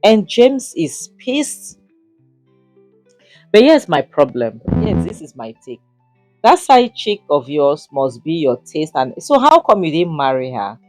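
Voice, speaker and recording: A woman's voice: sits low, sing-song, takes it slowly, a little mellow, faint music behind. A young woman reviewing a drama series in casual, indignant commentary, stressing points and saying "you know" a lot. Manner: indignant, emphatic, repeats "you know" often.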